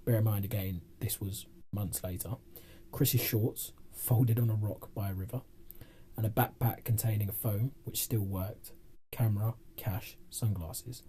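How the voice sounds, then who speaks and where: A man with a dark, mellow voice tells a spooky case in a loose, rambling way. He laughs easily between his points. A faint hiss of noise runs under his voice. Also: fairly low pitch, fairly even intonation, unhurried. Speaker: podcast co-host. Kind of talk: casual chat, reading a case.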